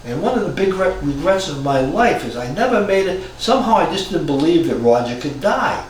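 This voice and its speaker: A man in his sixties from Cambridge, Massachusetts, telling a personal story in a reflective, halting way with frequent restarts. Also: high-pitched, big pitch swings. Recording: very echoey room from far off, faint noise.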